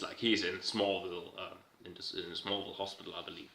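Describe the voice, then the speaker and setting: A man's voice: low-pitched, level tone, quick pace, vocal fry, hardly any pauses, pushed and bright. A man giving a casual, irreverent recap, rambling and swearing as he goes. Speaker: video host recapping a TV episode. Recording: roomy echo.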